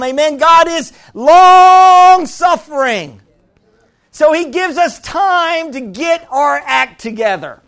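A man with a strikingly high-pitched voice delivers a sermon. He preaches in a lively, joking way, laughing often and restarting his phrases. He keeps checking in with the congregation, asking "Amen?" and "Are you hearing what I'm saying?".

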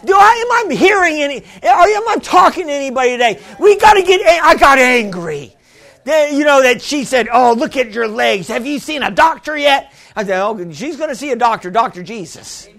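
A middle-aged man, a pastor, preaching a sermon: he tells stories quietly, then builds to shouted, excited exclamations. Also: very high-pitched, fairly quick, gravelly.

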